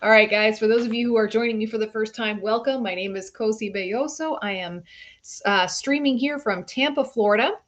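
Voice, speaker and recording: A woman's voice: on the high side, brisk, dull audio. A woman in her forties, a physical therapist, hosting a casual live stream, jet-lagged and chatty, greeting viewers by name and correcting herself as she goes. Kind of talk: casual live-stream chat reading out viewer shout-outs. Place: home studio in Florida.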